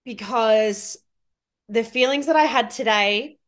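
A woman's voice: a little high, slow. A woman hosting her own podcast as a money mindset coach. She speaks in a heartfelt, effusive, spiritual coaching manner. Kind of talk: solo podcast monologue.

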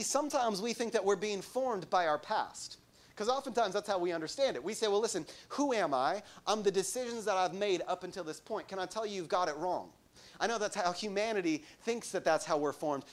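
A male pastor preaching a sermon, asking the congregation rhetorical questions and repeating key phrases for emphasis, sometimes dropping to a soft, quiet delivery. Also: high-pitched.

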